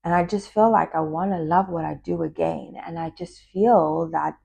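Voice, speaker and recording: Low gravelly woman confiding. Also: steady tone, normal speed. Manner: confiding, reflective, trailing into soft whispers. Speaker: spiritual talk host, former yoga teacher. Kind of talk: casual personal monologue.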